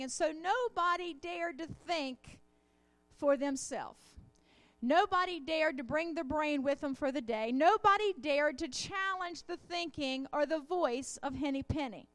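A woman's voice: high-pitched, a bit bright, no room sound. A woman preacher delivering a sermon with call-and-response, often calling out amen and hallelujah. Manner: call-and-response, rising fervor.

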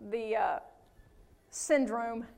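Woman pastor, high voice, folksy and lively delivery, preaching with amens. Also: extremely slow, vocal fry. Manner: folksy and animated, with frequent amens. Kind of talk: sermon.

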